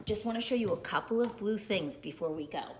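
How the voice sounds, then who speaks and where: A woman reading a picture book aloud to children in a slow, animated, sing-song way. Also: medium pitch, slight background noise.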